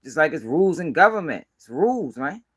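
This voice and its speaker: This Baltimore street news commentator rants bluntly on a casual live stream, cursing heavily and driving points home through emphatic repetition. His voice is fairly high for a man, husky and fairly bright, with a quick, sing-song delivery.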